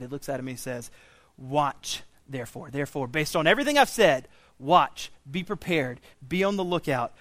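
A pastor preaching a sermon in a church, swinging from quiet intensity to loud, raised pleading. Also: male voice, fairly high pitch, no echo. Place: church sanctuary.

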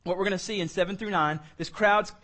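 High-voiced male preacher. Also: fairly even intonation, fast talker, pushed and bright. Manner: conversational, joking asides. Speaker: pastor. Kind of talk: sermon, verse-by-verse Bible teaching. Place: church room.

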